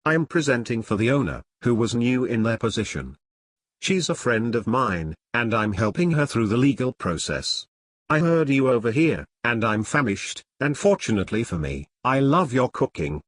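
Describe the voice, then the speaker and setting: A man's voice: medium pitch, big pitch swings, moderate pace, dry recording. A man voicing a sweet, friendly young Irish woman in an audiobook, chatty and forward.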